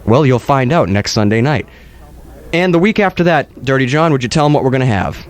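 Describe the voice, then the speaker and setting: A man's voice: medium pitch, lively intonation, fairly quick. A man hosting a comedic radio show, rambling and playful with mock-dramatic asides.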